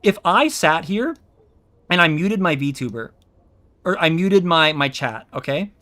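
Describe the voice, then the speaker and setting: A man's voice: on the high side, big pitch swings, unhurried, bright, forceful tone. A man chatting casually on his stream as a VTuber, rambling and explaining things with plenty of ums and restarts. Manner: rambling, explains with many fillers. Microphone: own streaming mic.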